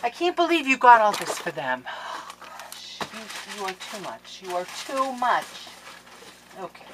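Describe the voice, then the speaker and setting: A woman hosting a crafting channel, chatting casually to viewers in a gushing, excitable way as she opens mail at home. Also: medium pitch, normal speed. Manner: excitable and gushing, with gasps and laughs. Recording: noisy background with clicks.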